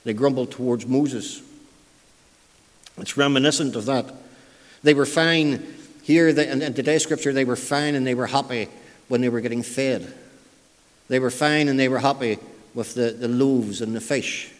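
A man delivers a sermon in a plain, mid-pitched voice. His delivery is conversational and full of restarts. A long hall reverb trails each phrase. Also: normal speed, pauses often. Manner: conversational, repeats words, dialect grammar. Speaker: preacher. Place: church.

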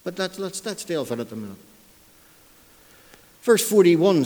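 A man's voice: high voice, very animated, unhurried, long pauses, a little mellow, big-room sound. A man preaching a sermon in a church, speaking conversationally and often repeating himself. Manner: conversational, repeats words, dialect grammar.

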